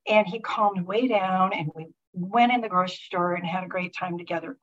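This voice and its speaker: A middle-aged woman sharing a personal faith testimony with a group, talking haltingly with many restarts and fillers. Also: on the low side, fairly bright tone. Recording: muffled lo-fi recording.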